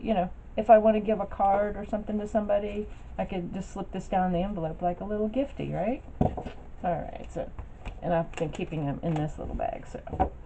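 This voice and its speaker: A woman chatting casually in a rambling way, with lots of fillers and restarts, as she shows her craft projects to the camera. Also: medium pitch. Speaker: craft vlogger. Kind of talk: casual show-and-tell chat. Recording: dull lo-fi sound with faint noise.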